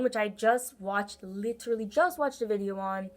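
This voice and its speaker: A woman's voice: mid-range voice, normal speed, few pauses. A young woman giving a casual tarot reading, with a forward, pinched, brassy tone and an earnest, encouraging, rambling way of talking. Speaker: tarot reader.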